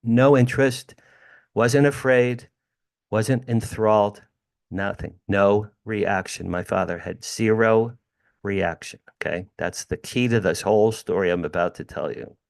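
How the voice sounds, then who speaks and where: An older man from New Jersey tells his story with animation and emphasis, calling the host by name as he goes. His voice sits somewhat low, and he speaks from a room at home over a video call. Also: fairly even intonation, measured pace, creaky. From New Jersey, USA. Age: 60s. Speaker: podcast guest. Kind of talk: storytelling in an interview.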